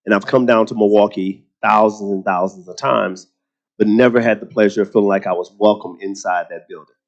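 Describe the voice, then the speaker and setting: Southern guy, deep-ish voice, chatty storyteller, kinda dull lo-fi sound. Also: brisk. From Texas. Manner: animated storytelling, repeats words when starting sentences. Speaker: guest speaker. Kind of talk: panel conversation at a luncheon.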